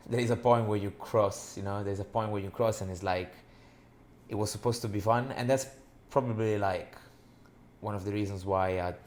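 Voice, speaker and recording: A man co-hosting a podcast, speaking reflectively with many pauses and fillers. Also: on the low side, fairly even intonation, darkish tone. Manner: hesitant, lots of fillers, reflective. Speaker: podcast co-host, men's coach. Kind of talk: casual chat.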